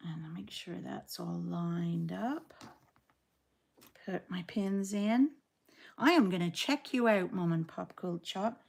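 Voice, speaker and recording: Slow-talking chatty woman in her sixties. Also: mid-range voice, vocal fry, a little mellow. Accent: Canadian. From England. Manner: chatty, rambling, self-deprecating. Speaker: quilting vlogger. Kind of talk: casual sew-along chat.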